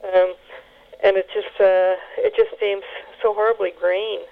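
A woman telling family memories in an oral history interview, halting with many fillers and restarts. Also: medium pitch, level tone, creaky. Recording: tinny phone line.

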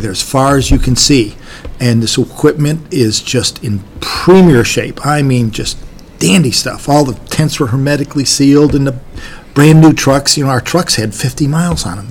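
A man's voice: medium pitch, a little mellow. An older army veteran gives an oral history recollection of his service, talking in a folksy, rambling way with many restarts.

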